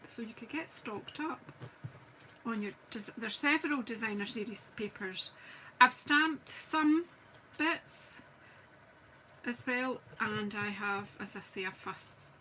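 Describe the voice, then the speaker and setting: A woman's voice: a little high, sharp tone, a little hiss or hum, rough recording. Chatty Scottish woman crafting live. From Scotland. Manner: chatty, self-mocking, talks while working. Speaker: craft demonstrator. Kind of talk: live-streamed crafting chat.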